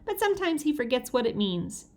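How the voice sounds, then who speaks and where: A woman's voice: high voice, fairly quick. A woman doing a soothing grandmother. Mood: gentle. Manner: calm, soothing. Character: gentle grandmother. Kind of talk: children's audiobook reading.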